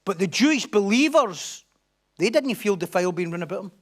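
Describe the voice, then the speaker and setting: A man preaching a sermon as pastor, animated, acting out crowd voices and swinging from loud declarations to hushed asides. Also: high voice, brisk. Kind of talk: expository sermon.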